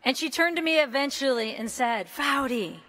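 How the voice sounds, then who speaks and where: A woman in her fifties from the United States gives a commencement speech in a large indoor arena, talking in an energetic, casual and joking way, with mild swearing. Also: high voice, brisk. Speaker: commencement speaker.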